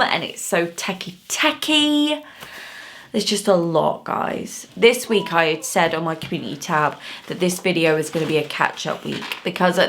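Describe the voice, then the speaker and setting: A woman, an artist hosting her own channel, chatting casually to subscribers in her home studio, expressive and quick to laugh, with frequent murmured asides. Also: on the low side, slight background noise. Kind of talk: casual vlog chat to subscribers.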